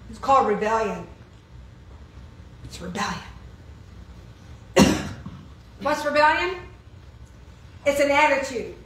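A woman's voice: high-pitched, expressive, slow, pauses often, fairly bright tone, slight background noise. A woman preaching an informal sermon, asking the congregation questions and answering them with emphasis. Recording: echoey room, heard from far off.

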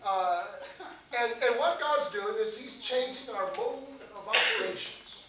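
A folksy male preacher with an extremely high, expressive voice tells a storytelling sermon at a measured pace, chuckling often. It was recorded at a church service from a distance, so the hall sounds echoey, with hiss and noise.

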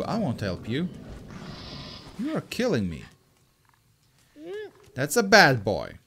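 A man giving let's play commentary, excitable, with loud exclamations and swearing as he plays. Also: on the low side, a little slow, pauses often, slight background noise. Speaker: gameplay commentator.

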